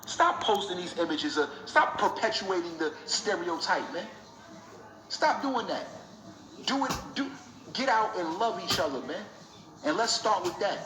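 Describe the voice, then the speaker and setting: Impassioned high-voiced New man. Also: animated, moderate pace, crowd noise. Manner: emotional, preachy, repeats himself. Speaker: vlogger. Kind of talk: impassioned talk to camera. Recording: echoey room.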